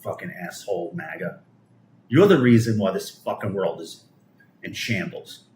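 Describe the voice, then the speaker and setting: This deep-voiced, middle-aged man from Brooklyn, New York, has a darkish tone and lively intonation, heard in a reverberant space. He's ranting about politics on a live stream, swearing heavily and sneering, while frequently tripping over his words and restarting.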